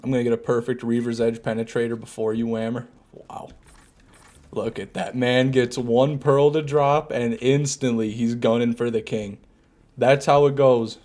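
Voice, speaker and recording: A man's voice: medium pitch, normal speed. A man casually chatting and joking with his chat while he streams a game. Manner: relaxed, joking, repeats himself. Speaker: gaming streamer. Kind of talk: casual live commentary reading chat.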